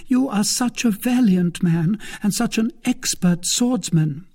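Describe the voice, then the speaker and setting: Man voicing a high-pitched imperious noblewoman, sharp questions, breathy, audiobook character. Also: takes it slowly. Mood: ardent. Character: scheming young noblewoman, imperious and suspicious.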